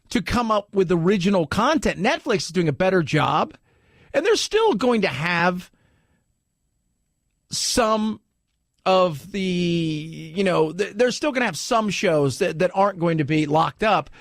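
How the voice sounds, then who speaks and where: A man hosting a talk radio show, commenting in an animated, rambling way with restarts. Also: high-pitched, dry recording, clean studio sound.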